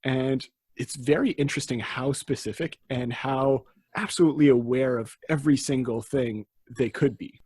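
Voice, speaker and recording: A man's voice: medium pitch, moderate pace, few pauses, darkish tone, slightly rough, dry recording. A man hosting a casual history podcast, explaining in a chatty way that often trails off mid-sentence. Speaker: podcast host.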